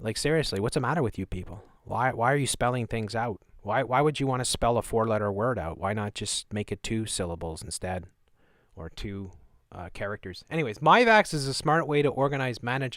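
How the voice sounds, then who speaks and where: A man's voice: medium pitch, lively intonation, brisk, a bit bright, dry recording. A man hosting a live stream, reading news aloud and mocking it with sarcastic asides. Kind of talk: live commentary on news clips.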